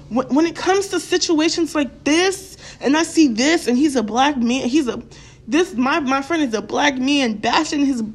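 Young woman, high voice, blunt, profane, repeats herself, talks straight to viewers. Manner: fired-up, addresses viewers directly. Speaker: vlogger. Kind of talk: casual opinion rant to camera.

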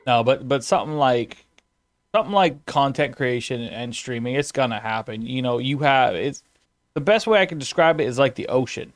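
A man's voice: mid-range voice, lively intonation, moderate pace, dry recording, studio quality. A young man, a streamer, chatting casually in a rambling way and laughing often. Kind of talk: casual podcast chat.

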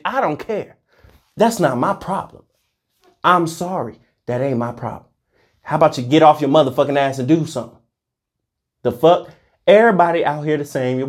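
Vlogger with a lively, swooping delivery, giving a heated, preachy and profane rant. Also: mid-range voice. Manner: swings between loud outbursts and muttered asides. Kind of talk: ranting monologue to camera.

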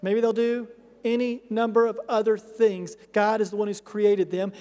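A man's voice: high-pitched, fairly even intonation, moderate pace, warm tone. A middle-aged man preaching a sermon as a pastor, earnest and pleading. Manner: earnest, pleading with rising intensity. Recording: long reverb of a large hall.

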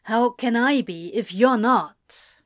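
A woman's voice: fairly high pitch, takes it slowly, no room sound, clean studio sound. Woman voicing a bitter, sarcastic young man. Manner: blunt, sarcastic.

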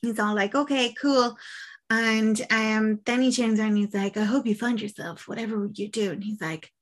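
A woman's voice: medium pitch, steady tone, a little fast. A young woman in casual podcast chat, retelling a film plot and acting out the characters' lines. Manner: chatty, acts out quoted lines, swears casually.

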